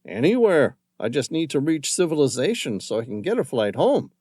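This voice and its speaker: A man's voice: fairly high pitch, very animated, normal speed, darkish tone, breathy edge, no room sound, studio quality, pitched above the performer's own voice. A man voicing a frightened, stranded male writer who protests anxiously, in an audiobook thriller.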